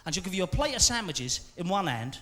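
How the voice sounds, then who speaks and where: A man's voice: sits high, big pitch swings, fast talker. A man performing a live stand-up routine on a large theatre stage, bantering cheekily with the audience. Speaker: stand-up comedian. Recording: live theatre recording, echoey hall, loud crowd and noise. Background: audience laughing.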